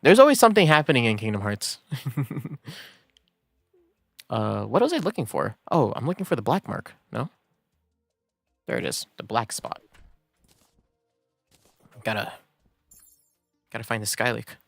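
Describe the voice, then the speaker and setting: A man's voice: mid-range voice, very animated, unhurried, vocal fry, long pauses, fairly bright tone, no room sound, faint music behind. A man chatting casually while streaming a game, laid-back and rambling, laughing often between thoughts. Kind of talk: casual gaming stream chat.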